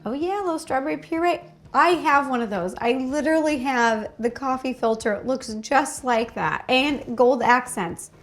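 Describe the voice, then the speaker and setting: A woman hosting a casual reaction video, gushing and excitable, gasping often and exclaiming in delight. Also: high-pitched, moderate pace, hardly any pauses.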